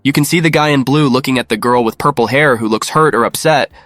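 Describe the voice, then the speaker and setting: Dry, even-voiced male narrator. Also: medium pitch, fast talker, no room sound, soft background music. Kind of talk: scripted narration.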